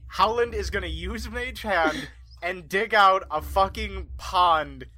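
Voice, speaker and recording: A man playing a tabletop game, talking excitably and with lots of swearing. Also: sits high, slow pace. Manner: excitable, profane, laughing. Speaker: player. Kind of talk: casual tabletop game chat.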